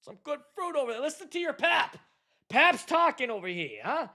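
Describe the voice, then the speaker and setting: A man's voice: extremely high pitch, sing-song, normal speed, pushed and bright, voice pushed up, exaggerated voice. A man doing a folksy Jersey grandpa. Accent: New Jersey. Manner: rambling, folksy, hospitable. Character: jolly grandpa on a pontoon, older man.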